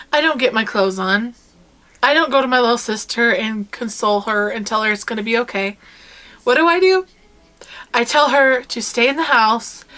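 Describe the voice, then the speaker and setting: A young woman vlogger casually telling personal stories, animated and sometimes breaking into loud yelling as she retells them. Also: a little high. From rural United States. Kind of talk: casual storytelling chat.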